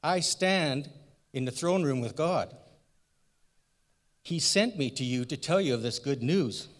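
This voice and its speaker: A man's voice: a little high, animated, a little slow. A man voicing a mighty, stern male angel messenger who speaks in solemn, commanding pronouncements. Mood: stern rebuke. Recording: long church hall reverb.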